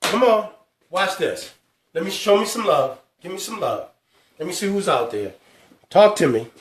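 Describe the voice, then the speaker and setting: A man hosting a live financial talk, stressing each number slowly and calling out to his viewers. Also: high voice, big pitch swings, far from the mic, a little hiss or hum. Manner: emphatic, drawn-out numbers, calls out to viewers. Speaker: host. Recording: echoey room, speaker away from mic.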